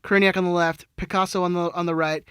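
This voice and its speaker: High bright-voiced man, casual podcast chat. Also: level tone, fast, clean tone, no echo, studio quality. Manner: joking, laughs easily, reads off a lineup. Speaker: podcast co-host. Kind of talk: casual chat and soccer recap.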